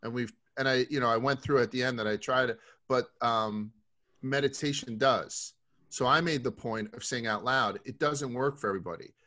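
A middle-aged man from Brooklyn sits in as a guest and talks in loose, rambling stories peppered with swearing. His pitch sits at an ordinary middle height for a man. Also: moderate pace, bright, forceful tone. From Brooklyn, New York. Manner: rambling, profane storyteller. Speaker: podcast guest. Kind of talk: casual podcast chat.

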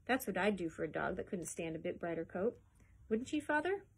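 A woman's voice: on the low side, sing-song, fairly quick, gravelly, slightly rough, full character voice. A woman reading a storybook aloud and voicing a hopeful young boy who pleads in a rush of words. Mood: coaxing. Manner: eager, words racing, pleading.

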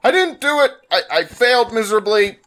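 Exasperated high-voiced gamer man. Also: sing-song, brisk, fairly bright tone. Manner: exasperated, exclaiming, frequent laughs and sighs. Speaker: gaming channel host. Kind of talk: let's play commentary.

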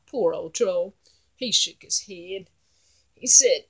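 A woman's voice: lowish voice, a little slow, a bit bright. Folksy Southern woman storyteller. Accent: Southeastern North Carolina. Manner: folksy, drawling, dialect grammar. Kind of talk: folk tale storytelling.

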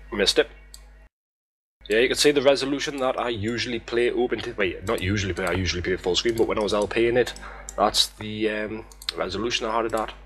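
A man's voice: on the low side, fairly bright tone. A man talking through a game tutorial in a casual, rambling, sweary way, poking fun at himself. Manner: rambling, sweary, self-mocking. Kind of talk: casual screen-recorded tutorial.

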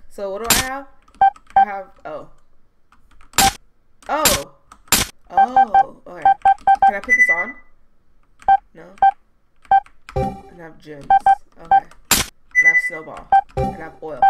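A woman giving jumpy, profane commentary while playing a horror game, chatting to her viewers. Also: mid-range voice. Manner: jumpy, swears a lot, talks to viewers. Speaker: let's play gamer. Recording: loud background noise with clicks.

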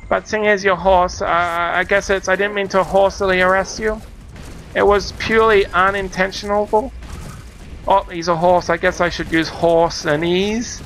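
Young Australian man, Australian accent, let's play host; high, piercing voice, excitable and jokey. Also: measured pace, soft background music. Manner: excitable, yelps and jokes at the game. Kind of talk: gameplay commentary.

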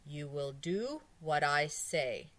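A sly, calm hypnotist doctor, as a woman reading a storybook puts him on. He speaks slowly and softly, drawing out each word in a low, hushed voice. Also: full character voice. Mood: soothing hypnotic. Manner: slow, soothing, hushed.

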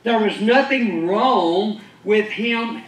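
A pastor with a high-pitched voice preaches slowly to a congregation, pressing his points through rhetorical questions and emphatic declarations. He's recorded from far off in an echoey church.

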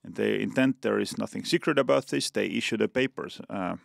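A man with an Estonian accent, a defense official, explaining policy as a podcast guest in a deliberate way with many fillers and restarts. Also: on the low side, creaky, no echo, studio quality.

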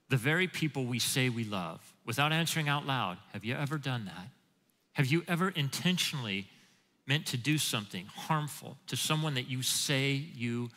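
A man's voice: mid-range voice, pushed and bright. A man preaching a sermon as pastor, emphatic, quoting scripture and putting questions to the congregation. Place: church sanctuary. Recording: church hall with long reverb.

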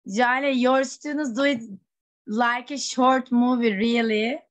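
A woman teacher moderating a video call, talking slowly with pauses and fillers. Her voice is a little higher than most, and she praises each clip as she moves on. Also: steady tone, highs cut off. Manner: halting, appreciative. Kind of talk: online meeting talk.

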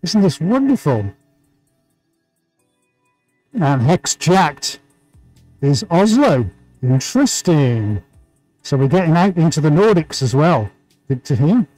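A man's voice: on the high side, very animated, slow pace, long pauses, darkish tone, soft background music, low-quality recording. A man hosting a live painting stream, chatting casually, greeting viewers by name and laughing often. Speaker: livestream painting host.

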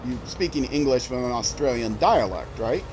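A man's voice: medium pitch, lively intonation, normal speed, over music, rough recording. A man streaming a game, chatting casually as he plays, musing aloud and restarting his sentences. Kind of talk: casual gameplay commentary.

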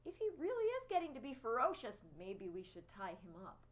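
A woman voicing a patient, sighing mother in a storybook reading, gentle and weary. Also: fairly high pitch, wildly swooping pitch, brisk.

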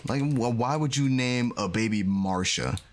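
A man casually commentating a game he is playing, animated and exclaiming as he reacts. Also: medium pitch, measured pace, slight background noise. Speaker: gaming video host. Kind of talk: casual let's-play commentary.

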